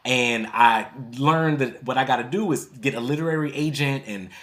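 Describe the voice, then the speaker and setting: A man in his thirties tells his story as a podcast guest, his voice sitting at a middle pitch. He is animated and often laughs. He slips into other people's voices when he quotes them. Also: moderate pace. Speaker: poet and author guest.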